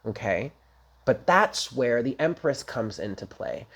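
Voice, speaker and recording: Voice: medium pitch, big pitch swings, unhurried, a bit bright, husky. A tarot reader giving a casual daily reading, talking straight to viewers in a chatty, emphatic and blunt way with casual swearing.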